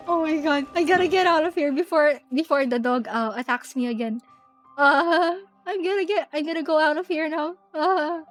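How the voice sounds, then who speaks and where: A young woman VTuber chatting casually with her viewers while gaming, giggly and excitable, shrieking in panic at the game. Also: high voice. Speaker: VTuber streamer. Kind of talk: casual live-stream chat while gaming.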